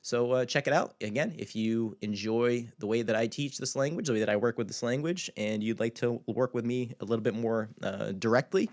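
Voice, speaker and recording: A man teaching a language lesson in a loose, conversational way, with filler words, who slowly repeats words to show how they are pronounced. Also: medium pitch, a little mellow. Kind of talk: casual video lesson.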